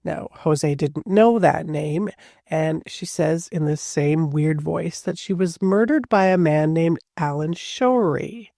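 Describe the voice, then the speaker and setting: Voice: mid-range voice, slow, vocal fry, dark tone, no room sound, clean studio sound. A podcast host telling a true-crime story casually, with chatty asides and a lot of "like".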